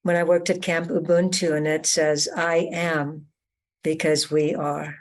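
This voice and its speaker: A woman on a video call speaking gently and appreciatively as a summit organizer. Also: deep voice, flat delivery, unhurried.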